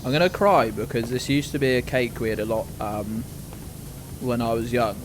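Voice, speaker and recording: A man's voice: mid-range voice, moderate pace, background noise. A man hosting a live game stream, joking and exclaiming as he reacts to chat. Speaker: streamer host.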